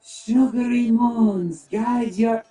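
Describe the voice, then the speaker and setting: A drunk male cat-man in a video game, speaking in a slow, sing-song drawl. His voice is dark and mellow, and it sounds roomy and distant over game music. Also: very high-pitched, steady tone, exaggerated voice. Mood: drowsy, slurred.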